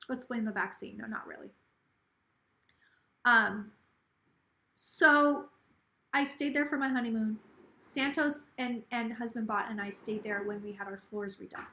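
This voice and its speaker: Tipsy, chatty woman, bright voice. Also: a little high, unhurried, long pauses, reverberant. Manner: rambling, swearing, gossipy. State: tipsy, slightly slurring. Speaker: psychic livestream host. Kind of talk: casual livestream chat.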